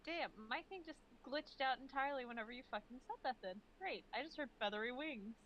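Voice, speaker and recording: A woman's voice: high-pitched, expressive, fairly quick, a bit bright, dull audio, slight background noise. A woman playing a tabletop game over a voice call, playful and eager, jumping in with questions. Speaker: player. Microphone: voice call with weak Wi-Fi.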